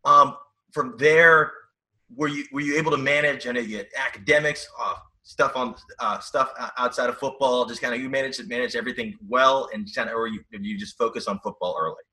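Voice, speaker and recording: A man interviewing a guest in casual chat, asking halting, searching questions. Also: mid-range voice, fairly even intonation, sharp tone.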